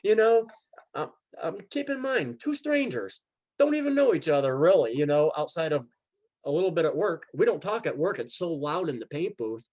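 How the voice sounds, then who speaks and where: Animated storytelling man, fairly high voice. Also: moderate pace. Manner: animated, acts out quoted dialogue; repeats words and restarts often. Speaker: guest. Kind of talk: casual storytelling chat.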